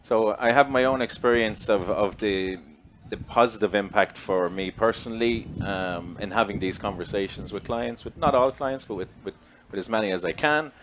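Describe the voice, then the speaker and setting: A man's voice: on the low side, normal speed, slight background noise. A man interviewing a guest on stage, reflective and agreeable, with frequent short affirmations.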